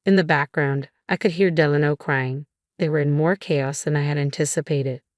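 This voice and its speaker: Female narrator with a deep voice, steady scripted storytelling, dry close voice-over. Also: moderate pace, dry recording.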